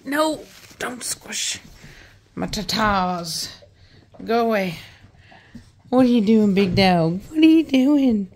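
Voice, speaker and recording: A woman's voice: on the high side, slight background noise. A woman hosting a casual vlog by the fire, slipping into affectionate baby talk with her puppies. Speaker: dog breeder and channel host. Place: indoors by a fire. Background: dogs.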